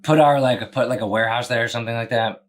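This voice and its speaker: A man's voice: mid-range voice, steady tone, fast. A young man hosting a casual podcast, rambling and joking, swearing freely. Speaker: podcast host and business owner.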